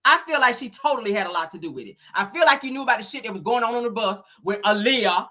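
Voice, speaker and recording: A woman's voice: fairly high pitch, lively intonation, fast talker, pushed and bright. A woman hosting casual celebrity gossip on a livestream, sassy and slangy, teasing her viewers and calling them honey and child.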